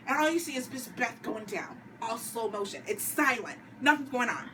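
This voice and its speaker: A woman retells a TV episode in a casual vlog, throwing herself into every quoted line. Her voice runs fairly high and swoops all over the place. She sits back from the mic, with clear noise behind her. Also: animated, a little fast, few pauses, a bit bright, distant mic, low-quality recording. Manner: dramatic storyteller who acts out lines. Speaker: vlogger recapping a TV episode. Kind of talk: animated casual recap with acted quotes.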